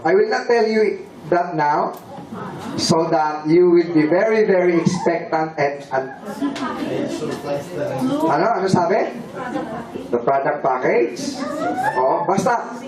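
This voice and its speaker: Guy running a motivation seminar, high voice, slow, echoey hall, crowd noise. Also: recorded from a distance. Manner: leads audience in call-and-response chants, switches into Tagalog. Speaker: seminar speaker. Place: large hall with a live audience.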